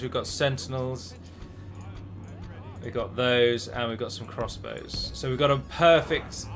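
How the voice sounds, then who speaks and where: A man's voice: mid-range voice, pushed and bright. A man hosting a strategy game let's play, chatty and rambling, with restarts and the odd dramatic flourish. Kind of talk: game commentary.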